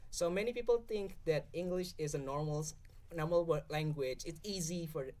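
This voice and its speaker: A young man with an Indonesian accent talks as a guest on a podcast, his voice fairly high and darkish in tone, moving at a moderate pace. He explains things casually and keeps checking in with "okay?"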